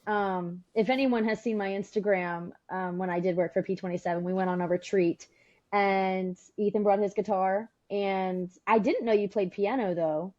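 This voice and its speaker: A woman's voice: medium pitch, steady tone, moderate pace, darkish tone. A woman hosts a casual podcast chat, chatty and encouraging toward her guest. Her voice comes through dull and slightly muffled. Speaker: podcast host.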